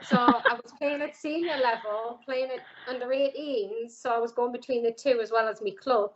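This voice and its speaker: A middle-aged woman with a broad Geordie accent tells her story in a relaxed interview, slipping into lively quoted voices and filling gaps with "um" and "like". The sound is a little dull and muffled. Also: a little high, normal speed, slight background noise. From North East England. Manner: chatty, lively quoting of others, many "um"s and "like"s. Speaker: interviewee, former footballer.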